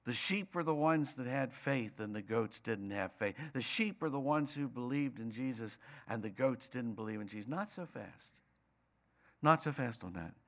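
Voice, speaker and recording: A man's voice: medium pitch, moderate pace, hardly any pauses. A man preaching a sermon as pastor, emphatic and repetitive, rising to passionate peaks.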